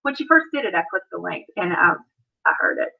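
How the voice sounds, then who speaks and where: In a lowish, gravelly, slightly rough voice, a Southern woman runs a casual livestream, her delivery sing-song and a little fast. She rambles in a chatty way and speaks to viewers by name, captured in dull lo-fi audio.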